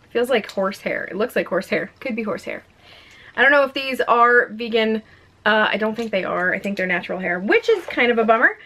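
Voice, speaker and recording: A young woman vlogging a makeup unboxing at home in a chatty, excitable, self-mocking way. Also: fairly high pitch. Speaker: beauty vlogger. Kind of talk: casual unboxing vlog. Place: home room with a ring light.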